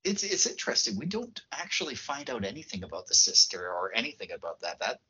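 Brief: male podcast co-host, animated storyteller, husky edge to his voice. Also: medium pitch, fast talker. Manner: animated storytelling, laughs easily. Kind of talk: casual chat. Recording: muffled lo-fi podcast audio.

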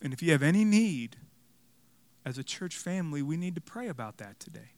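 A young man preaching a sermon, telling a personal story with animated, self-mocking humor before closing with a call to prayer. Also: fairly high pitch, fairly quick. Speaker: pastor.

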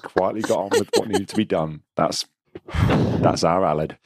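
A man's voice: sits low, moderate pace, dry recording. A man hosting as games master of a comedy podcast, teasing the players in a dry way.

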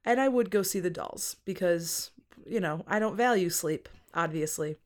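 A woman's voice: on the low side, lively intonation, normal speed. Dry, sarcastic woman co-host. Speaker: podcast co-host. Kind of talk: casual chat.

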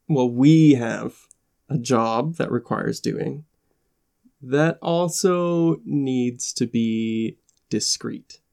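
A man voicing a polite male gnome pitching a business offer, formal and persuasive. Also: vocal fry, darkish tone.

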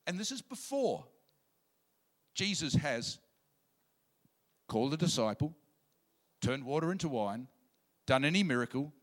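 A man preaching a sermon in an animated way, sometimes bursting into loud shouts. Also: on the high side.

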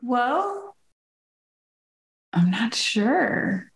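Unhurried woman co-host from the States, a touch of vocal fry, reflective and easy laughing. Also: fairly high pitch, sing-song. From United States. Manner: laughs easily, thoughtful and reflective. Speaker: podcast co-host. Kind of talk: casual chat. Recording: roomy echo.

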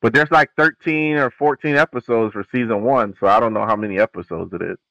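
A man's voice: medium pitch, fast talker, creaky, fairly bright tone, dry recording, highs cut off. Laid-back man with dry close sound. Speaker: podcast co-host. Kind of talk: casual chat.

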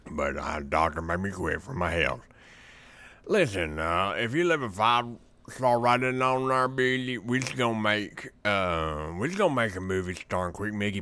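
A man banters on a podcast and keeps tossing in playful jokes. His voice sits low and carries a bright, forceful edge. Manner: joking, playful asides. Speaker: podcast co-host.

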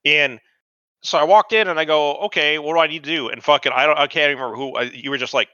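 A man casually telling a profane, animated story about an old job, acting out the dialogue. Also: on the high side, quick pace, clean tone, dry recording, dull audio. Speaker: podcast co-host.

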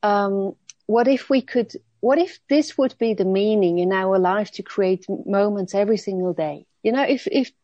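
A woman from Switzerland talking as a guest in an interview, reflective and halting, often restarting her sentences. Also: medium pitch, dark tone, dry recording, highs cut off. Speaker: guest speaker. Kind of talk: conversational interview.

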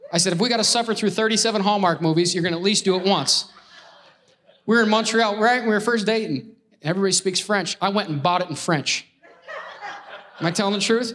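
A man preaching a lively Sunday sermon, joking and constantly urging the congregation to call back. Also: sits high. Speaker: pastor.

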